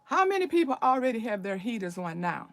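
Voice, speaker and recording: A woman's voice: fairly high pitch, sing-song, brisk, no room sound. An older woman hosting a casual livestream, talking in an urgent, preachy, emphatic way. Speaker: livestream host.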